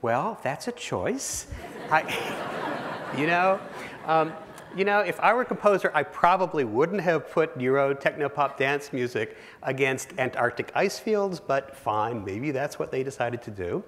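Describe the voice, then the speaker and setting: A man's voice: a little high, lively intonation, moderate pace, a bit bright, slight background noise. A man giving a keynote speech, telling a vivid second-person story to a live audience in a large auditorium. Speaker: keynote speaker. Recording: long reverb of a big hall.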